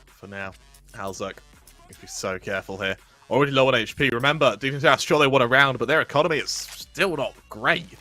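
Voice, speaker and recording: Bright-voiced male esports analyst. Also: medium pitch, soft background music. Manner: quick analytical, laughs easily. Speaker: esports caster. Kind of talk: live esports analysis commentary.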